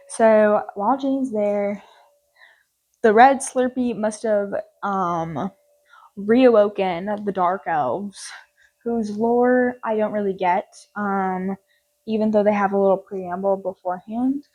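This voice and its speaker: A woman's voice: medium pitch, slow pace, darkish tone, poor audio. Rambling young woman recapping a film. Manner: rambling, jokey, full of "like" and "um". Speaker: film reviewer.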